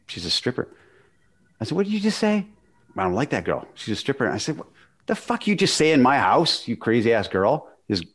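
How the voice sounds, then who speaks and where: Emphatic man telling a story. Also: fairly low pitch. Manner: animated, emphatic, acts out quoted dialogue. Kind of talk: casual storytelling chat.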